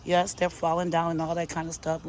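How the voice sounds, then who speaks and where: Her voice is on the low side and a little mellow, fairly quick, with a completely flat delivery, and a slight hiss or hum can be heard. She's a middle-aged gardening vlogger touring her outdoor garden on a phone camera in casual chat. Chatty and sassy, she addresses her plants, her viewers and herself.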